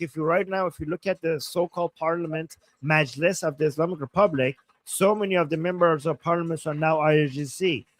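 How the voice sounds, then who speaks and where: Chatty man with a high, dry voice. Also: fairly bright tone, no echo. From Iran. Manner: chatty, laughs easily, many restarts. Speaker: livestream co-host. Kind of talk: casual live-stream chat.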